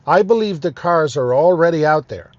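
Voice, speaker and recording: A man's voice: fairly high pitch, animated, moderate pace, no room sound, lo-fi sound. A man talking to camera from his own car, indignant and emphatic, repeating himself for effect. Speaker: vlogger.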